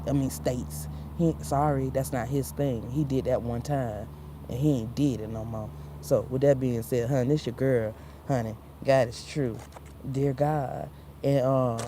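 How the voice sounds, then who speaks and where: A woman's voice: a bass voice, background noise. A woman giving a rambling, preachy faith vlog monologue. She talks straight to her viewers, calling them honey and y'all, restarting lines and laughing at herself. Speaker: vlogger.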